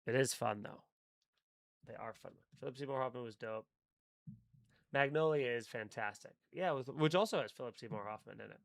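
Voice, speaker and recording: A man hosting a live stream, chatting casually and excitably with his viewers and swearing freely. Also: mid-range voice, normal speed, creaky, no room sound.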